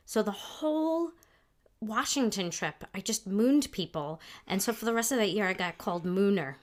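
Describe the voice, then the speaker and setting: A middle-aged woman co-hosting a couples podcast, telling high school stories in an animated way and laughing along. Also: normal speed, slight background noise. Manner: animated, laughs through her own stories. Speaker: podcast co-host. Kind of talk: casual storytelling chat.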